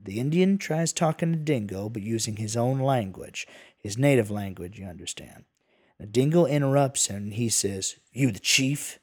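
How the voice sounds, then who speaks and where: A man's voice: medium pitch, animated, moderate pace, dark tone, breathy edge. A man narrating a western tale in a folksy, casual manner with asides. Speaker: storyteller.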